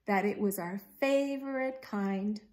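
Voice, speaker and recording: A woman voicing Alice, a worried and timid female alligator in a storybook, speaking softly and fretfully. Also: mid-range voice, a little slow, natural voice. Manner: fretful, soft.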